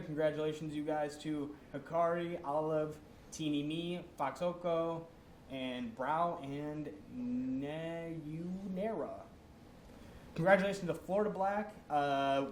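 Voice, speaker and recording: A young man co-hosts a casual esports recap, rattling off player names between jokes. His voice sits a touch high. It sounds echoey, with faint background noise. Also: a little slow. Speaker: co-host.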